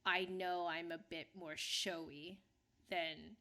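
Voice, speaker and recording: Bright-voiced chatty young woman. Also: lowish voice, flat delivery, slow. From Canada. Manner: chatty, many fillers and restarts. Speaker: podcast co-host. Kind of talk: casual podcast chat.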